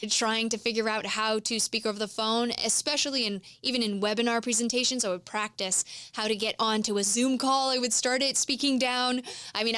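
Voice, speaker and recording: On the high side and fairly bright, a woman's clear, resonant voice carries this business podcast in a dry recording. As host, she coaches listeners in an explanatory monologue and demonstrates vocal tones.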